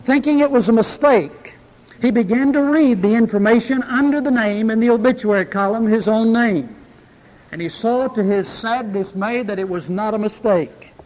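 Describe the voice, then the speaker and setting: A man preaching a sermon, reading scripture and then telling an illustration story with dramatic pauses. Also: high voice, darkish tone. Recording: long hall reverb.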